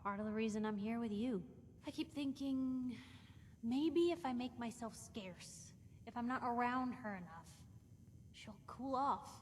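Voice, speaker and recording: A woman voicing a chatty, nosy young reporter who talks quickly and frankly. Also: fairly high pitch, natural voice. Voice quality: chatty, quick, self-conscious. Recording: game audio with reverb and faint hiss.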